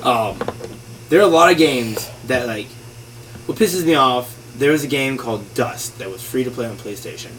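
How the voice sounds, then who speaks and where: Hyped gamer dude ranting and swearing, kinda far from the mic, faint noise. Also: male voice, medium pitch, normal speed. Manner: profane, excitable, acts out gamers with loud shouts. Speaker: guest. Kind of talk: casual chat.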